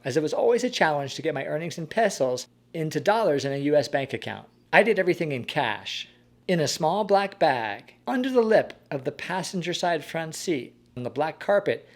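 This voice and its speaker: Calm man narrating a scripted story. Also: fairly high pitch. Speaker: host.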